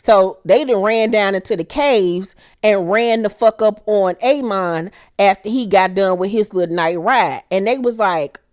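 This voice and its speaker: A woman's voice: mid-range voice, unhurried, hardly any pauses. A woman recapping a TV episode in a casual, profane, slangy way, acting out the characters as she retells the story. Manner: animated storyteller who acts out the characters' lines; heavy swearing, slangy. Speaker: TV show recap host.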